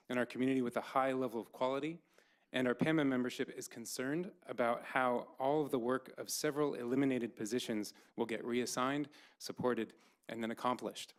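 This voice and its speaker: A man, an elementary school principal, reading a measured, formal statement to a school board. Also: medium pitch. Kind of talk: prepared statement read aloud. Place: school board meeting room.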